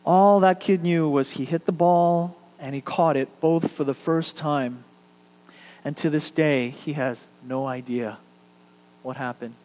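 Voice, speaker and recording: High-voiced pastor in a reverberant hall. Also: male voice, unhurried. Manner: animated storytelling, dropping to quiet for emphasis. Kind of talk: sermon.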